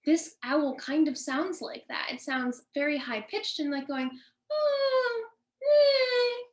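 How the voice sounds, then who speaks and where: Higher-voiced woman teaching kids about nature. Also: steady tone. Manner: friendly, slow, addressing kids directly. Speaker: nature educator. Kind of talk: children's nature lesson.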